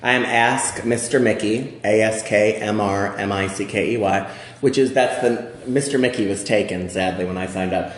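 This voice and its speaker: A Midwestern man in his forties chats as an interview guest, wry and self-deprecating. His voice is lowish, and the room around him is echoey. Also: fairly even intonation, normal speed. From outside Chicago. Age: 40s. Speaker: magazine editor and guest. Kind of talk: casual interview chat.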